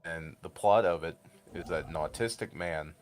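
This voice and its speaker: A man's voice: deep voice, moderate pace. A man streaming and chatting casually, blunt and crude, rambling through long explanations. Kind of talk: casual chat.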